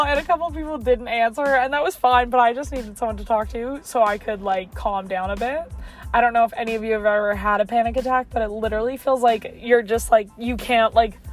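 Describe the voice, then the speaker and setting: A woman's voice: fairly high pitch, soft background music. A young woman in her car telling a story to her phone in a chatty vlog, with lots of "like". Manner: chatty, fast, heavy use of "like". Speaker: vlogger.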